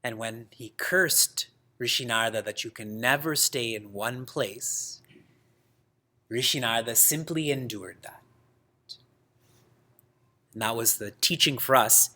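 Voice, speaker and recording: A man teaching a scripture class, telling stories in a lively way, laughing often and using Sanskrit terms. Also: mid-range voice, unhurried, pauses often. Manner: lively storytelling with frequent laughs. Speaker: spiritual teacher.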